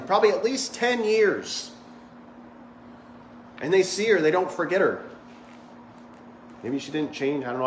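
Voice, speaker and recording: A male pastor preaches in a loose, joking, conversational way, his voice sitting a little high for a man. The sound is roomy, echoing through a church sanctuary, with faint ambience underneath. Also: slight background noise. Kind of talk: sermon. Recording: echoey church hall.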